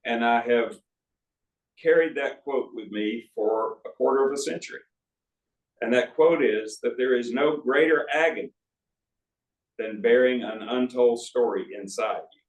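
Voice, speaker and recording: Speaking at a little slow pace with a medium-pitched voice, this sixty-something author spins folksy anecdotes and side remarks for an audience at his book talk. The venue is an arts center auditorium, recorded at a distance with a roomy hall sound.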